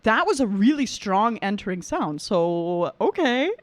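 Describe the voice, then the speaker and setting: A young adult woman, an opera singer and vocal coach, reacting to a performance in casual commentary, excitable and full of exclamations while she breaks down vocal technique. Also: medium pitch, measured pace, no echo.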